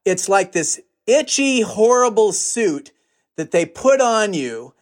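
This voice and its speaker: Male film director guest, high voice, wry explainer who spins long analogies. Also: sing-song, slow pace. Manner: joking, builds long comparisons. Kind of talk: conversational explanation.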